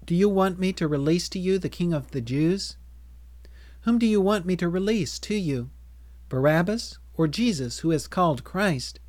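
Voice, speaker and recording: A stern, uneasy Roman governor pleads and demands in a raised voice, as a man reads him aloud. The voice sits high and the reading is dry and close-miked. It belongs to a dramatized scripture reading. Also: animated, normal speed, a little mellow, no echo. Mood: questioning.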